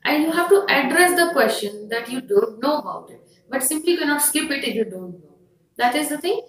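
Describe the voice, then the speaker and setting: A woman with an Indian English accent gives a firm, instructive lesson, pausing often on fillers. Her voice sits a little high. She sounds set back from the mic in a room with a clear echo. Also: lively intonation, recorded from a distance. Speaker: IELTS teacher. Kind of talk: explanatory lesson to camera.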